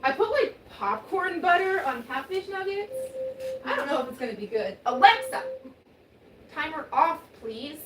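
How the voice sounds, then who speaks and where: Woman, fairly high voice, changed by a throat injury, rambling, swearing, home kitchen vlog. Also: sing-song, normal speed, fairly bright tone, slight background noise. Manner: meandering, full of fillers and swearing. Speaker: vlogger. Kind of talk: casual rambling monologue.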